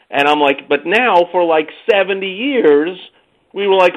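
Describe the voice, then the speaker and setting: A man co-hosting a casual podcast, talking excitably and theatrically and slipping into quoted voices. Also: sits high, a little slow. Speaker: podcast co-host. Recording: muffled lo-fi audio.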